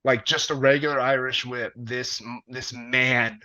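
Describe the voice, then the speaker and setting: Bright-voiced man telling a wrestling story. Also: mid-range voice, a little slow. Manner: animated, profane storyteller full of fillers. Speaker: wrestler guest. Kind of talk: casual storytelling interview. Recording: dull lo-fi audio.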